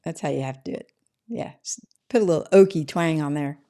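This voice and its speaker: This is a middle-aged woman with a voice sitting a little low. She runs a casual livestream from home and rambles through viewers' comments in an easygoing, chatty way. She often tags her sentences with "right?". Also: quick pace, mellow. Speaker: livestream host reading chat.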